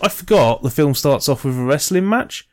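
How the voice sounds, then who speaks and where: A man's voice: fairly high pitch, expressive, normal speed, a little mellow. A man co-hosting a podcast in casual chat, rambling and swearing as he gets worked up about film trivia. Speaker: podcast co-host.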